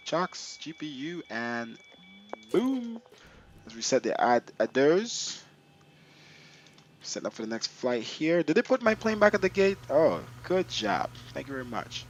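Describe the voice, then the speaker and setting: A man with a slightly high voice and slow pace streams a flight simulator on lo-fi audio. He chats casually with his viewers, getting excited and muttering to himself as he clicks around menus.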